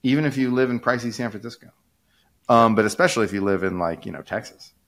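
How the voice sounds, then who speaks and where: A man's voice: medium pitch, fast talker, a bit bright. A man co-hosting a casual podcast, explaining ideas in a rambling way with many fillers and restarts. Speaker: podcast co-host, economist.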